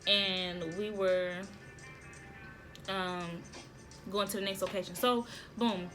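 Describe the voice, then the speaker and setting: A woman vlogging casually, telling a story to viewers in an excitable way, repeating phrases and laughing often. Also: mid-range voice, slow pace, over music.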